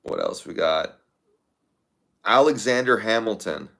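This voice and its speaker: Man, livestream host, casual chat, slightly low voice, offhand, thinking aloud. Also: animated, measured pace, creaky, sharp tone. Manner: offhand, thinking aloud, with fillers and repeated phrases. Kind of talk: casual chat reading viewer comments.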